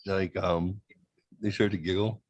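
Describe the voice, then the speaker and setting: A man's voice: sits low, unhurried, dull audio, background noise. A middle-aged man hosting a podcast, telling a casual story and acting out the voices of the people in it. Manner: animated, acts out voices in anecdotes, swears. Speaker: podcast host.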